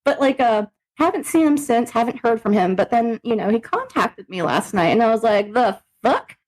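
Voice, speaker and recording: A woman's voice: a little high, brisk, a little mellow, low-quality recording. A young adult woman co-hosting a podcast, chatting casually and laughing often, with lots of swearing. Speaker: podcast co-host. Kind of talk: casual chat.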